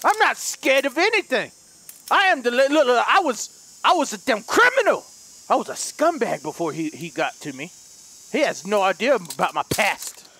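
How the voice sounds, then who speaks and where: A man doing loud, goofy, excitable commentary as he plays a game, often laughing. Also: extremely high pitch, normal speed, slight background noise. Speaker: let's play host. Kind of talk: gaming commentary.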